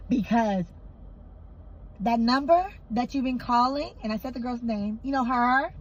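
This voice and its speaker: Animated woman telling a storytime. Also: on the high side, normal speed, highs cut off. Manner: emphatic, animated retelling with repeated phrases. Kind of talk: casual storytime.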